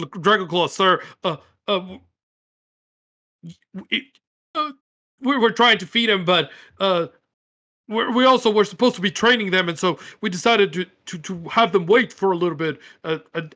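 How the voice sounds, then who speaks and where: A man's voice: sits high, sharp tone, lo-fi sound, pitched above the performer's own voice. A man voicing a nervous winged male kobold who stammers and fawns. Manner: stammering, fawning.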